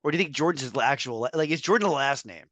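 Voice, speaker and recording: Lively podcast co-host musing out loud. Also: male voice, medium pitch, very fast, dry recording. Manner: wondering aloud, emphatic, lively. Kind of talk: casual chat.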